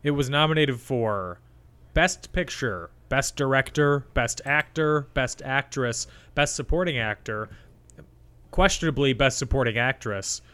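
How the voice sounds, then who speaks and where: A young man co-hosting a film podcast, reading out facts in a halting, relaxed way and chatting casually. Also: medium pitch, clear, resonant tone. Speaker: podcast co-host. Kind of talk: casual chat.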